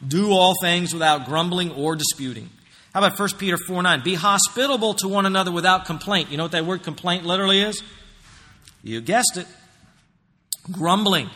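Bright-voiced preacher in a reverberant hall. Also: male voice, fairly high pitch. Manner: conversational, emphatic, uses rhetorical questions. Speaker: pastor. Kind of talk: expository sermon.

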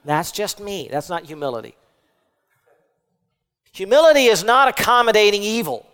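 Male pastor, fairly high voice, dynamic sermon delivery, long church-hall reverb. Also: very animated, moderate pace, smooth. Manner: dynamic, swings from soft asides to emphatic rising declarations.

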